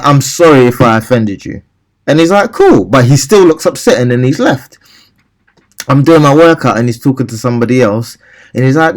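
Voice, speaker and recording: A young man rants through a story in casual, rambling speech. He keeps acting out his own replies, and his voice sits at an ordinary middle pitch. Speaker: vlogger.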